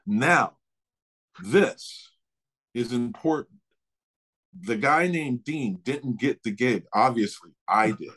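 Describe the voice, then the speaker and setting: A middle-aged man casually telling a story in conversation, animated and laughing often. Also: medium pitch, takes it slowly, pauses often. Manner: animated, acts out others' voices, laughs often. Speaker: guest storyteller.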